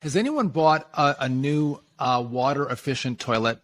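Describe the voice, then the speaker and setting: A man's voice: medium pitch, expressive, moderate pace, a bit bright. A man co-hosting a podcast, blunt and mocking in casual talk. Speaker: podcast co-host. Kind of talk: casual political chat.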